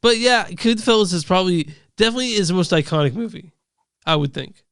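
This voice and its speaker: High-voiced rambling man, crisp and dry. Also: expressive, fast talker, a bit bright, no echo. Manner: rambling, stammering, swears casually. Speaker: podcast co-host. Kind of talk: casual movie podcast chat.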